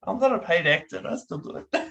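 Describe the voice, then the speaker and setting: Interview host, playful, quick cues, mid pitch. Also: lively intonation, gravelly, pushed and bright. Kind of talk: casual interview with games.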